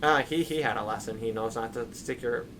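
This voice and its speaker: A fairly quick, mid-range male voice belongs to a young man chatting casually, with noise in the background. He's an English teacher of young kids and stream co-host, a rambling storyteller leaning on lots of "like" and "right?".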